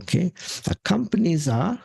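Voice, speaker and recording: A man's voice: sits high, sing-song, moderate pace, gravelly, a little mellow, breathy edge, dry recording. A man presenting a health talk from slides, emphatic and punctuating his points with "okay". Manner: emphatic, repeats "okay" often. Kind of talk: talking through slides.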